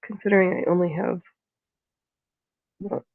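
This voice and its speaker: A woman's voice: fairly low pitch, level tone, a little slow. A woman chatting casually while she sews, rambling and yawning between tasks. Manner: chatty, rambling, with yawns and laughs; breaks into playful sports-style commentary. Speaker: sewing vlogger. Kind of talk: casual chat while sewing. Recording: tinny phone-like audio.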